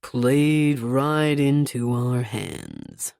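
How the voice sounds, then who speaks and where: A woman's voice: rumbling low, extremely slow, gravelly, a little mellow, no room sound, clean studio sound, voice pushed down, exaggerated voice. A woman voicing mocking male shadow beings in an audiobook, with a harsh, grating, silky yet nasty voice. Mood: sneering. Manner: sneering. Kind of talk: audiobook character voice.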